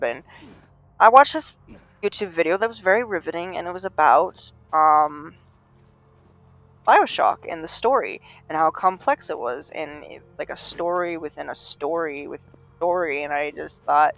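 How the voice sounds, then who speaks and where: A man's voice: a little high, normal speed, fairly bright tone, no room sound, dull audio, soft background music. A man streaming a game live, rambling and talking to himself as he plays. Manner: rambling, self-talking, full of restarts. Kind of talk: rambling live gameplay chat.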